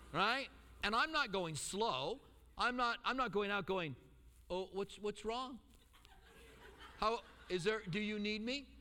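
Middle-aged pastor guy preaching, high voice, lots of acted-out quotes and jokes, big church echo. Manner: animated storytelling with acted-out quotes and asides. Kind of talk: sermon.

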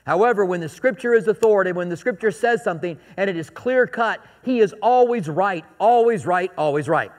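A man with a high voice preaching a sermon, his words ringing with long reverb through a big church hall. He keeps it conversational and joking, repeating his key points for emphasis. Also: expressive, fairly quick, hardly any pauses. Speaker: pastor.

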